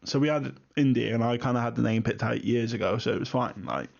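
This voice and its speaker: A man's voice: mid-range voice, fast, gravelly. A man co-hosting a casual podcast, making teasing, wry asides. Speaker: podcast co-host. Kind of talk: casual banter, swearing. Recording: dull lo-fi.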